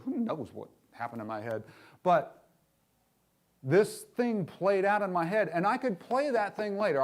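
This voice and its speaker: A middle-aged male minister giving a candid, conversational sermon, often putting questions to the congregation and going soft and hushed in tender moments. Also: fairly high pitch.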